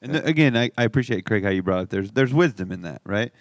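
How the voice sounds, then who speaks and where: A man's voice: fairly low pitch, lively intonation, fast, no echo, studio quality. A man co-hosting an unscripted faith podcast, speaking thoughtfully and reflectively. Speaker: podcast co-host.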